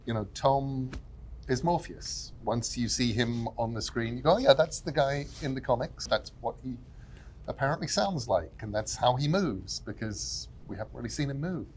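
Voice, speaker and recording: A man's voice: medium pitch, normal speed, slight background noise. A man who created the series, speaking thoughtfully and with enthusiasm at a panel. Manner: thoughtful, enthusiastic, builds lists of adjectives. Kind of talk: panel discussion.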